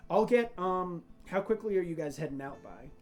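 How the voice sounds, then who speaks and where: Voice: medium pitch, expressive, normal speed, a little mellow, soft background music, lightly acted. Game master putting on a cranky old mentor. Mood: irritated. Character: gruff elderly male mentor, easily irritated.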